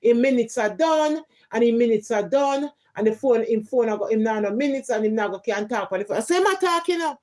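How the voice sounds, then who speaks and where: A woman's voice: fairly high pitch, brisk, few pauses, dark tone. A woman from Jamaica with a Jamaican accent, ranting heatedly in emphatic patois on a live stream. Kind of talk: casual live-stream rant.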